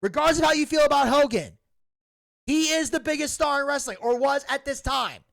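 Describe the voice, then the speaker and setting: A young adult man hosting a casual podcast from a home studio, animated and profane, bursting into loud re-enactments. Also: extremely high pitch, brisk, gravelly, no echo. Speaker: podcast host.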